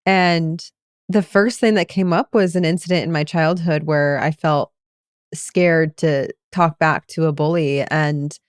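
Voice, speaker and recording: A woman's voice: low-pitched, steady tone, unhurried, clear, resonant tone, dry recording, studio quality. A woman co-hosting a podcast as a meditation coach, telling a personal story in a reflective, casual way.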